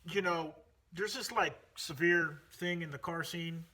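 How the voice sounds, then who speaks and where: A man hosting a car channel in a loose, chatty way, stumbling through fillers and restarts. His voice sits a little high and sounds bright and forceful. It has a husky grain to it. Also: measured pace. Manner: energetic, chatty, many fillers and self-corrections. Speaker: car channel host, automotive technician. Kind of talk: casual talk to camera.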